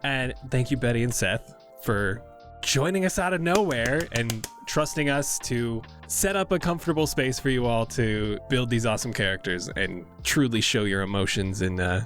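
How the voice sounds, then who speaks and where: A man's voice: mid-range voice, expressive, moderate pace, fairly bright tone, soft background music. A man hosting a tabletop podcast, reading out listener questions and thanking the cast in a friendly way. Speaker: podcast host.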